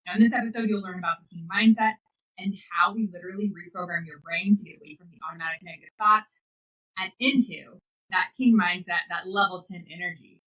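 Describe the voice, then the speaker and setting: A woman hosting a podcast as a life coach, giving an energetic, enthusiastic motivational talk. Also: fairly low pitch, a little fast, low-quality recording. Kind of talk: motivational monologue.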